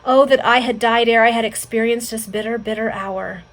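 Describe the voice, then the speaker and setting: A heartbroken old father cries out with raw anguish, stern one moment and pleading the next, as a woman reading a novel aloud gives him voice. The voice sits fairly high and comes over a video call. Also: steady tone, brisk, slight background noise, natural voice, rough recording.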